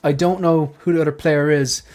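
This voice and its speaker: Male livestream host, loose rambling talker, slightly higher pitch. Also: steady tone, brisk, darkish tone. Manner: rambling storyteller, many restarts. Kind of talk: casual panel chat.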